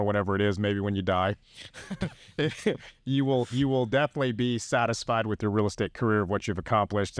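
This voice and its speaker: A man's voice: on the low side, no room sound, studio quality. A man hosting a podcast in casual chat, enthusiastic and chatty. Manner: enthusiastic, chatty, laughs easily. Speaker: podcast host.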